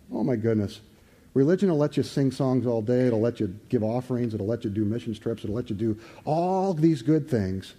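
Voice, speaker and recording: A man preaching a sermon to a congregation, animated, swinging between loud outbursts and hushed lines. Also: on the low side, slightly rough. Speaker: pastor.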